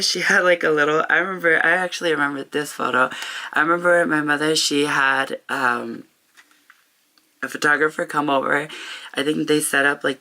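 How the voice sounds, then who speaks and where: A young woman talking to camera in a personal vlog, heartfelt and open, halting often with pauses and restarts. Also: low voice, sharp tone. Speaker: vlogger. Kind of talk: reflective personal vlog talk.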